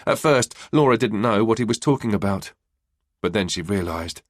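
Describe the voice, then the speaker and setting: Man reading a crime audiobook, lowish voice, dry close sound. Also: animated, moderate pace, dry recording. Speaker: audiobook narrator. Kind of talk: scripted narration.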